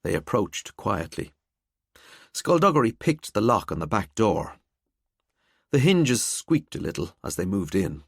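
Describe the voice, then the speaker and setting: Measured male audiobook narrator. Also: on the low side, big pitch swings, vocal fry, breathy edge, no room sound, studio quality. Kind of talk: scripted narration.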